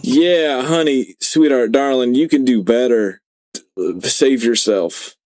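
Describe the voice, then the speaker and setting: This podcast co-host is a man with a mid-range, somewhat dark voice who talks slowly with no echo. In casual chat he rambles, swears a lot, and fills his speech with fillers.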